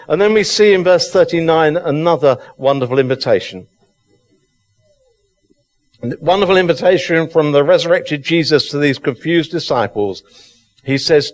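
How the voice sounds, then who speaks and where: A man preaching an Easter sermon, fervent and emphatic, repeating phrases for effect. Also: on the high side. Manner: fervent, emphatic, slow deliberate delivery with repetition. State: excited.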